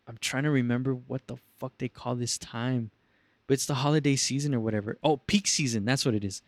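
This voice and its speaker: Give me a young man telling a profane, animated podcast story, recorded dry and close. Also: mid-range voice, a little fast, dry recording. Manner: profane, animated, acts out callers in raised voices. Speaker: podcast host. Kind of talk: casual storytelling chat.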